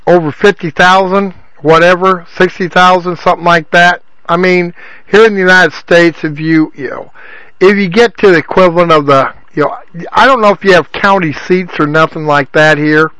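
A man's voice: high voice, fairly even intonation, normal speed, sharp tone, clean tone, no echo, low-quality recording. A man hosting a casual call-in talk show, rambling and leaning on "you know what I mean".

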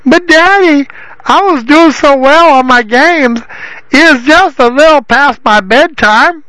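Man playing a petulant nasal man-child who whines and pleads, pitched way up, bright and dry. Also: unhurried, no echo, heavily acted, low-quality recording. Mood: whiny. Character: whiny nasal grown son, childish and spoiled.

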